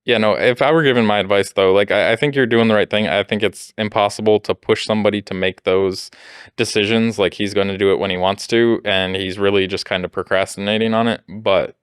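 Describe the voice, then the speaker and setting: A man's voice: lowish voice, fairly even intonation, a little fast, smooth, dry recording, studio quality. A man co-hosting a podcast in casual chat, explaining things at length and laughing often. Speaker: podcast co-host.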